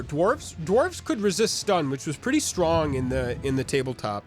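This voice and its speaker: A man's voice: a little high, big pitch swings, normal speed, hardly any pauses, soft background music. A man streaming a game live, chatting in a rambling way and reading viewer comments aloud.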